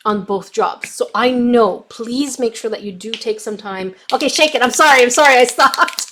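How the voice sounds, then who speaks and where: A young adult woman hosting a craft livestream reads comments from the chat and tests markers, chatting casually despite a slight cough from bronchitis. Her fairly high, fairly bright voice flows at normal speed with hardly any pauses, and a little hiss or hum is audible.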